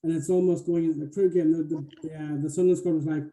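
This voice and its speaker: A man's voice: on the high side, flat delivery, fast, mellow, rough recording. A middle-aged man hosting a podcast, chatting casually and making wry, dry remarks. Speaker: podcast host. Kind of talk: casual chat.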